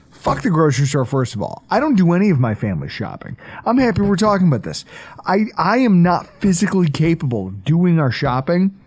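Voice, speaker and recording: A man, co-hosting a podcast in casual, profane, animated storytelling. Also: on the high side, slightly rough. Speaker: podcast co-host.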